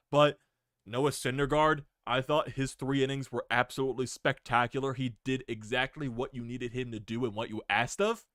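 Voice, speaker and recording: A young man hosting a sports video, giving an excited fan reaction rant, swearing freely and laughing. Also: on the high side, smooth, no room sound, studio quality.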